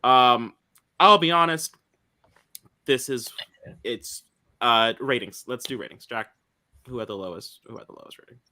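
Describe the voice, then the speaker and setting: A man's voice: medium pitch, animated, moderate pace, pauses often, pushed and bright. A man hosting a casual podcast, weary and rambling, poking fun at his own show. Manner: weary, rambling, self-mocking. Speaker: podcast host.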